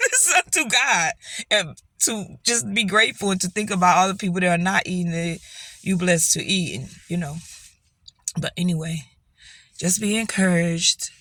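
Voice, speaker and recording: In a dry recording, a middle-aged female vlogger rambles through a casual story for her viewers, often laughing and offering encouragement. She speaks at a moderate pace in a lowish, slightly bright voice.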